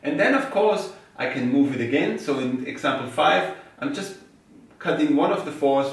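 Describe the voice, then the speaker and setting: A man's voice: on the high side, animated, moderate pace, gravelly, slight background noise. Man teaching rhythm in an echoey room. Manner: patient step-by-step explaining, chanting syllables in time. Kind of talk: music lesson with spoken rhythm syllables. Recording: very echoey room, mic far off.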